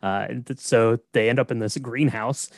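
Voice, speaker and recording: A man co-hosting a podcast, recapping a film in a relaxed, halting way with many fillers. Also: mid-range voice, dry recording, clean studio sound. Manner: laid-back, halting, lots of uh and you know. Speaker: podcast co-host. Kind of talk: casual movie recap chat.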